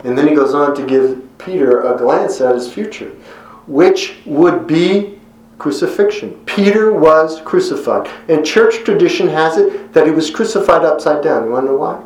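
A man preaching a sermon in an earnest, conversational way, pausing for effect and voicing quotes with emphasis. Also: a little high, echoey room, poor audio.

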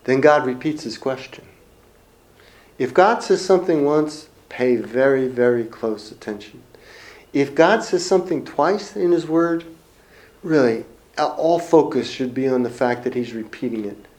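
A middle-aged man preaching a sermon in an earnest, reflective manner, pausing and repeating phrases. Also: medium pitch, animated, darkish tone.

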